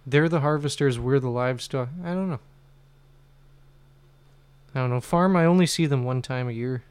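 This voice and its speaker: A man's voice: medium pitch, moderate pace, a little mellow, clean tone, dry recording. A man co-hosting a casual comedy podcast in a laid-back way, swearing freely and laughing often. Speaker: podcast co-host.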